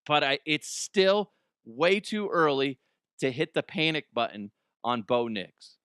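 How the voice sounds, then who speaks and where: A man's voice: a little high, sing-song, unhurried, fairly bright tone, clean tone, no room sound. Forties guy ranting and joking, curses a lot, very dry sound, no room at all. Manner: profane, rambling, laughs at own jokes. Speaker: comedy podcast host. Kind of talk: casual comedic monologue.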